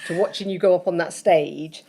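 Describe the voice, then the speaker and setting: A middle-aged foster carer, a woman, talks in a slightly low voice. She tells stories with plenty of laughter and puts on little voices as she goes. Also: a little fast, slight background noise. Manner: animated, laughing, acts out voices. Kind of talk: casual storytelling interview.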